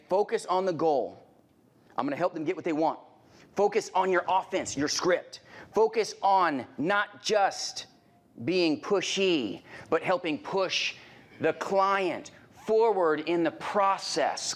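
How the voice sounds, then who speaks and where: A middle-aged man with a fairly high-pitched voice delivers a live sales training talk. He's punchy and animated, repeating phrases, asking rhetorical questions, and suddenly shouting as he acts out little scenes.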